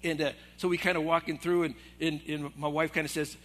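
A man's voice: on the high side, brisk, hardly any pauses. A middle-aged man, an assistant pastor, telling a story in a sermon and acting out the voices of the people in it. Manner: animated, acts out quoted voices. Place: church hall.

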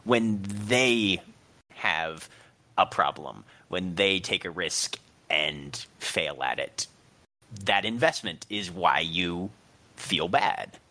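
A man's voice: low voice, expressive, takes it slowly, pushed and bright. A man co-hosting a podcast who chimes in agreeably and laughs easily. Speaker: podcast co-host. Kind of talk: casual podcast discussion.

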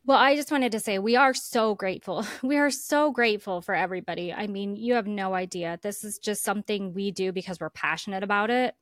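A woman's voice: mid-range voice, brisk, few pauses, dry recording, studio quality. A woman co-hosting a casual podcast, earnest and rambling, talking with feeling. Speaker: podcast co-host. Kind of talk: casual chat.

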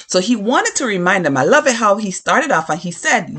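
Earnest, encouraging preacher delivering a relaxed devotional talk with casual asides. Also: mid-range voice, fairly quick, few pauses, breathy edge. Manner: earnest, encouraging, repeats key phrases; informal asides with fillers and restarts. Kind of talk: conversational devotional sermon.

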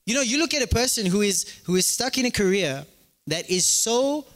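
A man's voice: high-pitched, moderate pace. A man preaching a sermon as pastor, joking and acting out little dialogues. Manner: animated, joking, acts out dialogues. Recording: echoey hall.

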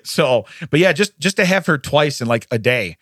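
Male co-host, lively storyteller who laughs a lot, pitch moves all over, dry close mic. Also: moderate pace, husky, no echo. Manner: animated, laughs often, acts out quotes. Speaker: podcast co-host. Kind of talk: casual storytelling chat.

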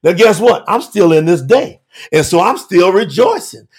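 A man preaching a sermon with emphasis, moving between shouted lines and quiet low asides. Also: animated, moderate pace, slightly rough.

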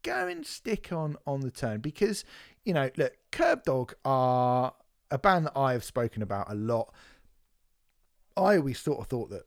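A man's voice: mid-range voice, sing-song, a little slow, vocal fry, no room sound, studio quality. A young man co-hosting a podcast in casual chat, swearing freely and rambling through fillers and restarts. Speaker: podcast co-host.

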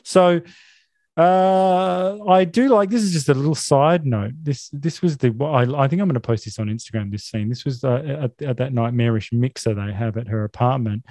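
A man co-hosting a podcast, recapping a film in deadpan sarcasm and mock outrage. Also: mid-range voice, normal speed, no echo, clean studio sound. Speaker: podcast co-host.

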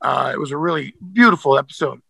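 A man's voice: a little high, animated, quick pace, vocal fry, sharp tone, husky, no echo, poor audio. A man, an actor, telling stories as a guest in a casual interview, rambling with many fillers and restarts.

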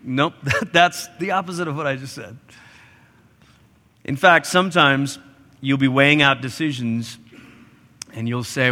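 A man preaching a sermon as pastor, animated and acting out quoted voices with big jumps in pitch. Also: a little slow, pauses often. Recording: live church hall reverb.

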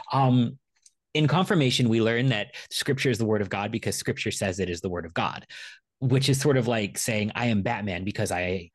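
A man, a pastor hosting a podcast, talking in a halting, joking way with many restarts. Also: on the low side, dry recording, studio quality. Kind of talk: casual podcast chat.

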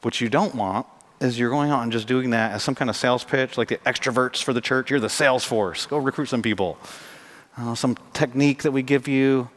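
A man preaching a sermon as pastor, animated and jokey, acting out scenes for his congregation in a church. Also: mid-range voice. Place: church sanctuary. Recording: long hall reverb.

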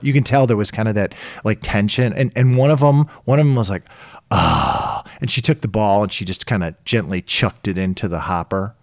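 A middle-aged man telling a story in casual chat, animated and acting out the voices of the people in it. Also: lowish voice, fairly quick, no echo, studio quality. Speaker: podcast co-host telling a story.

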